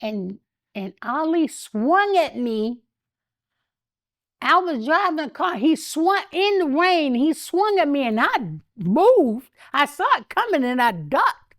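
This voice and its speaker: Older woman, interview guest, high voice, animated, laughing storyteller. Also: takes it slowly. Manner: animated, laughs often, acts out quoted speech. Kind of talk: candid storytelling.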